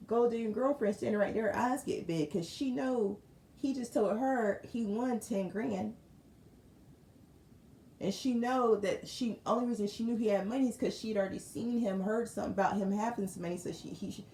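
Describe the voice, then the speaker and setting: A woman tarot reader telling a story with animated asides to her viewers. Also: mid-range voice, normal speed. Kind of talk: storytelling spiritual reading. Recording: roomy room with faint noise.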